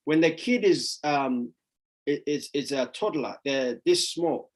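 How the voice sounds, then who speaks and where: A man with a fairly high voice talks through a sales question on a video call. He rambles, restarts and repeats words as he thinks aloud. At times his voice shoots up high as he acts out a parent yelling no. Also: expressive, slow pace, low-quality recording. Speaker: sales coach answering questions. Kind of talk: casual Q and A session.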